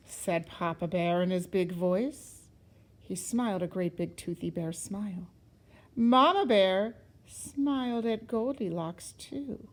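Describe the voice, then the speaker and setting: A woman teacher reading a children's story aloud in an expressive, sing-song way, sometimes dropping to a whisper. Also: medium pitch, takes it slowly, poor audio.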